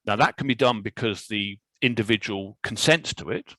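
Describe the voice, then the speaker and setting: A man presenting a legal webinar as a barrister, speaking in a measured, explanatory way with frequent fillers, over a video call. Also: lowish voice, a bit bright, no echo, rough recording. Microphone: video call microphone.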